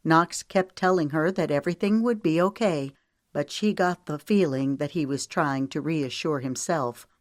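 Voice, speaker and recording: Low-voiced woman narrating an audiobook. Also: normal speed, no room sound, clean studio sound. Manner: reads dialogue with light character shifts. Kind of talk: scripted narration.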